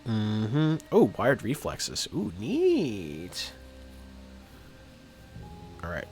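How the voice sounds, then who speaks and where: A man's voice: medium pitch, wildly swooping pitch, drawn-out words, pauses often, soft background music. Guy streaming a game, reads the text out and chats, voice jumps up and down a lot. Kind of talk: live game playthrough, reading aloud.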